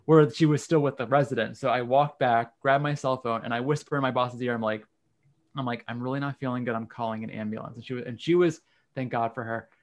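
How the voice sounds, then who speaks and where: A man's voice: mid-range voice, fairly even intonation, fairly quick. A man, candidly telling a personal story in casual conversation. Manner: candid, frank, occasional swearing. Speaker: guest.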